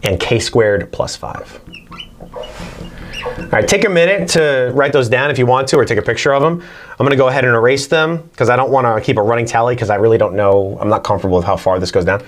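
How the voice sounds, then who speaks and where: A man's voice: mid-range voice, fast talker. A man teaching a casual whiteboard math lesson, chatting as he works through problems. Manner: chatty, talks to his barking dog between problems.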